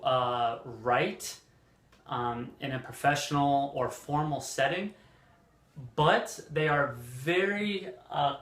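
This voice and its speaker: A man teaching an English lesson, speaking deliberately and repeating example phrases, with frequent fillers. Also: medium pitch, a bit bright, roomy sound. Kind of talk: slow, clear language lesson.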